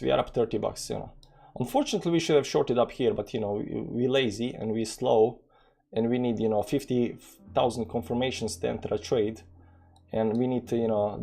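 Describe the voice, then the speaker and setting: Gravelly man with a Balkan accent. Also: lowish voice, dark tone. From former Yugoslavia. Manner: rambling, many fillers, reads out numbers. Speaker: crypto trading streamer. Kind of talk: casual live trading commentary.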